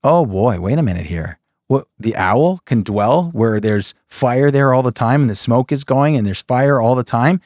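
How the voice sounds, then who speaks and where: A man's voice: mid-range voice, expressive, normal speed, darkish tone, dry recording, studio quality. A man teaching scripture in a casual, joking way, asking his listeners rhetorical questions and often saying "okay" and "folks.". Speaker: Bible teacher.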